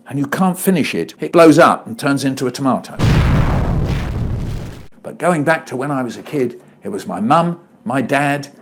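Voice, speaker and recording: An older man with a British English accent, telling stories in a playful, expressive way. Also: a little high. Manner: animated, playful storyteller. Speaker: children's author and poet. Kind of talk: expressive storytelling, chopped into a comedy edit.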